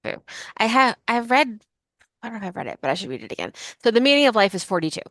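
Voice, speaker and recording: A woman's voice: a little high, big pitch swings, fairly bright tone, no echo. A woman in her forties co-hosting a podcast, telling rambling stories in casual chat. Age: 40s. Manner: fast, rambling storyteller. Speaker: podcast co-host. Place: Yucca Valley.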